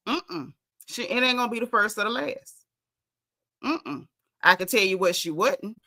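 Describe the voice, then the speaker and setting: A woman, chatting sassily and animatedly as she recaps a reality TV episode. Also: medium pitch. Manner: sassy, animated, mimics cast members' quotes. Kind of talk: casual reality TV recap chat.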